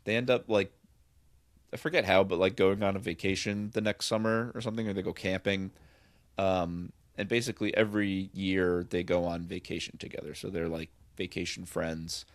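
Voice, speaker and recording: A man's voice: low-pitched, fairly even intonation, moderate pace, no room sound. A man co-hosting a podcast, rambling enthusiastically about films in casual chat with lots of fillers. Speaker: podcast co-host.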